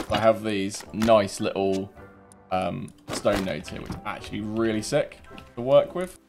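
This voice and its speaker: A man with a British accent giving casual, cheeky gameplay commentary as a gaming YouTuber. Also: lowish voice. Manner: cheeky, teasing banter.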